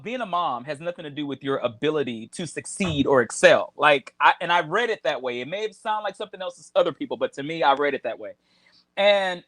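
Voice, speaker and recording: Man, high bright voice, sassy chat show co-host, dry sound. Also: no echo. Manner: sassy, playful, animated storyteller. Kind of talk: casual chat show banter. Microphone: video call.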